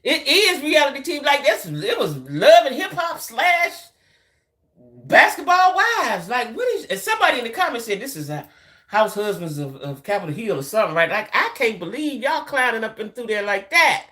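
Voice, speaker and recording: A woman's voice: big pitch swings, moderate pace, fairly bright tone. A middle-aged woman, hosting a loose, casual live-stream chat with her viewers. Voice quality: deep voice. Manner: chatty, loose, repeats herself, talks to viewers as y'all. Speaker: YouTube channel host.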